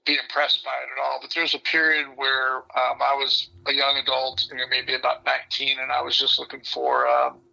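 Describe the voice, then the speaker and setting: A man guest telling his life story candidly, in a blunt and animated way. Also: medium pitch, brisk, gravelly, few pauses, highs cut off. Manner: blunt and animated, breaks into laughter.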